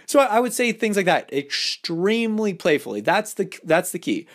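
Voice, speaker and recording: A man hosting a podcast, talking in a loose, playful way and slipping into little acted-out lines. His voice sits a bit high and swings widely in pitch. He restarts his sentences often. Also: big pitch swings, moderate pace, a bit bright. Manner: playful, acts out quoted lines, many restarts. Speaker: podcast host. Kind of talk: casual advice podcast monologue.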